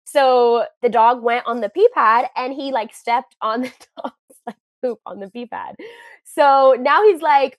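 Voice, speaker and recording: A woman's voice: a little high, normal speed, no room sound. A young woman calling in to a podcast, animatedly retelling a story with many fillers and acted-out quotes. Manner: animated retelling, acts out others' lines, many "like"s. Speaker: caller. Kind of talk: casual storytelling on a call-in show.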